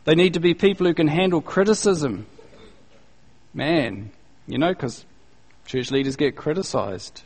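A male pastor preaching a sermon in a conversational, animated way, using casual slang and acting out the people he quotes. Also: fairly high pitch, a little slow, long pauses, breathy edge. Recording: long reverb, echoey hall.

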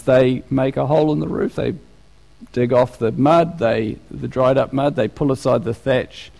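A man preaching a sermon in an animated, conversational way, often restarting his sentences. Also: medium pitch, creaky. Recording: long reverb of a large hall.

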